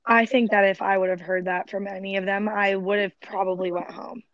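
A young woman in her twenties, a podcast guest chatting in an animated, blunt, cringing way. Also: mid-range voice, brisk, dry recording. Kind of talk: casual chat. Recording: dry, dull lo-fi sound.

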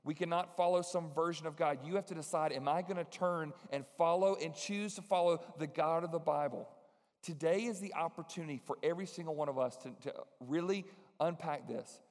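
A man preaching a sermon and leading a prayer in an earnest way, often repeating words as he builds a point. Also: a little high. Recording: long reverb of a large hall.

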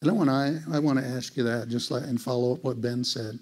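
A man telling a story in a sermon to a church group, animated and conversational, leaping into high voices when he quotes people. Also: quick pace. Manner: conversational, many "it's like" asides. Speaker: teacher speaking to a church group.

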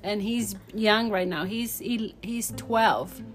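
A woman's voice: mid-range voice, slow, soft background music. A woman in her forties fervently telling a personal faith testimony in an interview, acting out the voices in her story. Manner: fervent, animated storyteller who acts out quotes. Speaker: guest sharing her testimony.

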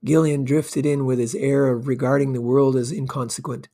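A man narrating a classic short story as an audiobook, with calm, measured reading. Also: mid-range voice. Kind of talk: scripted narration.

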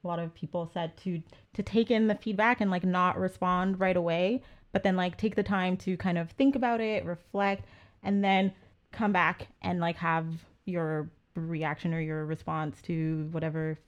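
A woman with a somewhat low voice co-hosting a casual podcast. She thinks out loud, rambling through long sentences. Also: steady tone, moderate pace, muffled recording. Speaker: podcast co-host. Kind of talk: casual chat.

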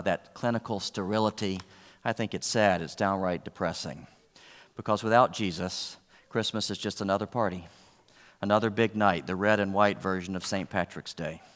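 A man's voice: low voice, fairly bright tone, long reverb tail. A man preaching a sermon, earnest, with rising emphasis on key points and wry asides. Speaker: pastor.

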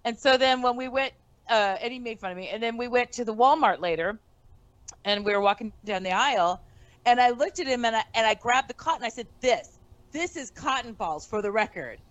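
A woman comedian telling a story on a casual podcast. She is animated and profane, and she acts out the quotes in her story. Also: on the high side, fairly quick, no echo, muffled recording. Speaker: comedian guest.

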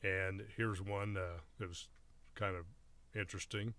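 A man's voice: low-pitched, fairly even intonation, unhurried, a bit bright, dry recording. A man co-hosting a casual radio show, easygoing and rambling as he tries out pirate phrases.

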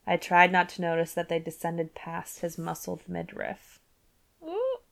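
Woman, podcast host, chatty and giggly, reads aloud, low pitch, heavy vocal fry. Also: sing-song, measured pace. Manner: chatty, giggly asides, filler "like". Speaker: book club podcast host. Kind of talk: casual chat and reading aloud from a novel.

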